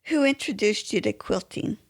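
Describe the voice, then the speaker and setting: A woman's voice: mid-range voice, animated, normal speed. A woman hosting an interview, asking short interested questions. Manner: brief interested questions and reactions. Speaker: podcast host.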